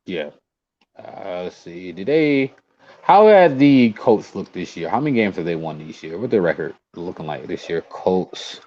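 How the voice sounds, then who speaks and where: A man's voice: deep voice, sing-song, measured pace, darkish tone. A man co-hosting a podcast, chatting casually about football and thinking aloud with lots of fillers. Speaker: podcast co-host. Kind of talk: casual sports chat. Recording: dull lo-fi audio.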